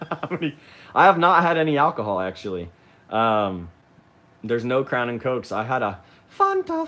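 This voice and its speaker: A man's voice: mid-range voice, a bit bright. Rambling man hosting a live chat. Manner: rambling, with frequent ums and restarts. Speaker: livestream host. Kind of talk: casual live chat, reading viewer comments.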